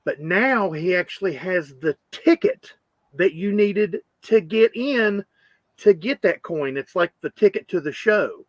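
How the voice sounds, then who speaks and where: A man's voice: sits high, expressive, unhurried, no echo, highs cut off. Rambling man hosting a live stream. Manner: rambling, greets chat viewers by name. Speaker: host of a coin live stream. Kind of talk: casual live-stream chat.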